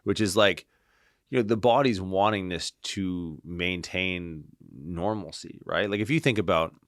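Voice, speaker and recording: A man guesting on a podcast as a clinician, telling stories in an animated, casual way that often checks in with "right?" and swears freely. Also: sits low, measured pace, no room sound, studio quality. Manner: animated, tags lines with "right?" and "like". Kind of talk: casual interview storytelling.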